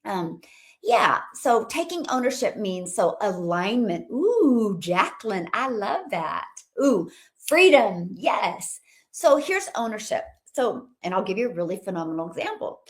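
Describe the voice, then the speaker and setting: A middle-aged business coach hosts a livestream, reading viewer comments and calling out to them with upbeat, bubbly enthusiasm. Her medium-pitched voice is sing-song and unhurried.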